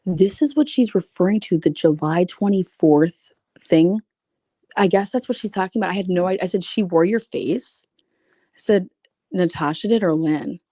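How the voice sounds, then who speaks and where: On a casual livestream, a woman reads private messages out loud and adds blunt, sarcastic, profane comments. Her voice is mellow and on the low side, captured with studio-quality sound and no room echo.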